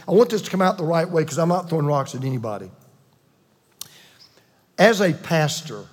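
Pastor, middle-aged man, husky high voice, folksy sermon in a reverberant church hall. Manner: folksy, repeats for emphasis, acts out quoted voices. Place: church sanctuary.

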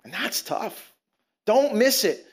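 Preacher, male, high voice, casual and animated, acts out quotes mid-sermon. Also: slow, slightly rough. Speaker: pastor.

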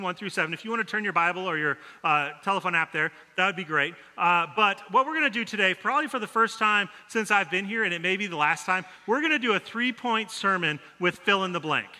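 Bright-voiced storytelling pastor in a hall. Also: male voice, high voice, lively intonation, fast talker, hardly any pauses. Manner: storytelling, self-deprecating humor. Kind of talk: conversational sermon with stories. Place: church sanctuary. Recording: long hall reverb.

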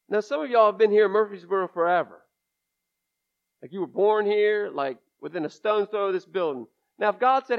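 A male pastor with a high, light voice preaches briskly in a conversational, folksy and candid way, leaning into emphatic asides. The audio is dull and lo-fi with its top end rolled off, as though recorded in a church sanctuary.

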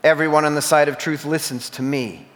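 A man reading as a calm prisoner-teacher. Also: fairly high pitch, fairly quick, close to an everyday voice. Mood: steady. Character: calm male teacher on trial, steady and sure. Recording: reverberant church hall.

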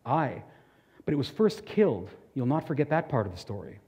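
A preacher reading aloud the lines of a wise older male teacher in his own plain voice, calm and instructive. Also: mid-range voice, a little fast, husky, in a large hall.

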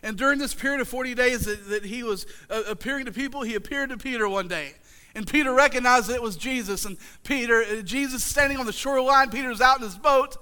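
High, bright-voiced preacher man. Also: fast, clear, resonant tone. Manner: humorous, self-mocking, builds to shouted retellings. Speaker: pastor. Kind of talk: sermon.

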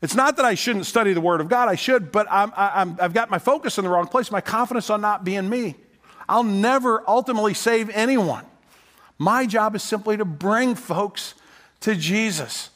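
A man's voice: high-pitched, moderate pace, fairly bright tone. A man preaching a sermon, talking to his congregation in a conversational way, often asking "right?" and repeating words as he goes. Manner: repeats words while he speaks. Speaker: pastor.

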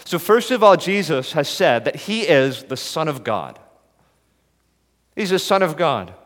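A man preaches in an earnest, measured way, laying out his points one by one. His voice sits a little higher than most men's. A long reverb from a church hall trails behind each phrase. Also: very animated. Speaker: pastor. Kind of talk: sermon.

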